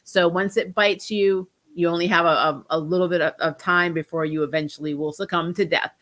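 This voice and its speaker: A woman's voice: on the low side, fairly even intonation, a little fast, a bit bright. A young woman hosting a casual TV review chat, stuffed up from a cold and talking in a chatty, rambling way with ums and restarts. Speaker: host of a TV review channel.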